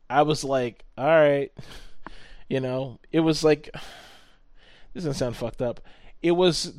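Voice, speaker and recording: A man telling a story in casual chat, animated, swearing often and acting out what people said. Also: medium pitch, dry recording.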